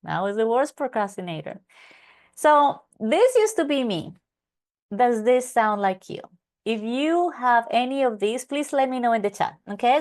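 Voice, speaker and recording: A woman coaching a live online class, acting out her own past thoughts and answering attendees by name. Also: mid-range voice. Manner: reads out attendee names from chat. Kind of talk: live webinar teaching.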